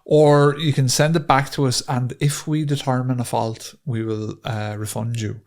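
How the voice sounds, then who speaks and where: A man's voice: medium pitch, level tone, normal speed. An Irish man co-hosting a podcast, telling a profane, ranting story in casual chat. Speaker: podcast co-host.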